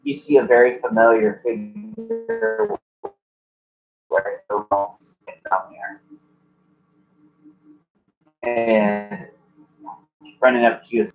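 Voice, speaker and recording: Guy running a d&d game, slow and rambly, lively pitch, muffled audio w faint music. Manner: relaxed, meandering narration with fillers. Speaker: game master. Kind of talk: narrating a tabletop game.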